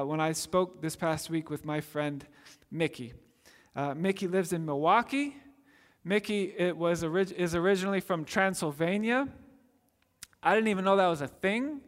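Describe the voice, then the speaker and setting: A man preaching a sermon as pastor, earnest, drawing out key phrases slowly for emphasis. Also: on the high side. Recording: long hall reverb.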